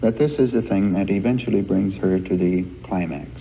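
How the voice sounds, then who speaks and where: A man giving a frank family life lecture to a live group, folksy and halting, recorded on worn old reel-to-reel tape in a hall. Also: low-pitched, creaky, dull audio, a little hiss or hum. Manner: folksy, halting with many uh fillers.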